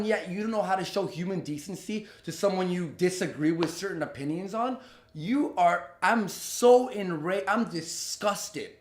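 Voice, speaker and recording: A man's voice: sits high, echoey room. A young man angrily ranting to camera in a storytime vlog, heated and profane, sputtering and restarting his sentences. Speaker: YouTuber. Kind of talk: angry storytime rant to camera.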